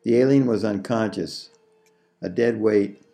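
A man narrating an audiobook story in a slow, measured reading. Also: on the low side, vocal fry, dark tone, faint music behind.

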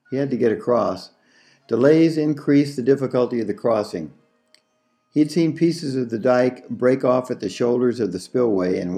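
A man narrating an audiobook story in a slow, measured reading. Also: mid-range voice, warm tone.

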